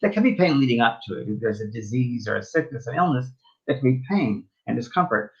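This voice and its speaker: A man's voice: mid-range voice, expressive, quick pace. Man telling stories on a dull lo-fi line. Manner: rambling anecdotes with many fillers and restarts. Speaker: spiritual medium co-host. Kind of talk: casual storytelling chat.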